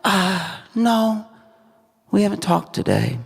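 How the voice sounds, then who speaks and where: A man's voice: high-pitched, very animated, slow pace, vocal fry, breathy edge, voice pushed up, heavily acted. A man voicing a young wife who rambles hesitantly, full of "like" and "I don't know.". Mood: wavering. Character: unsure young woman, wife drifting from her husband.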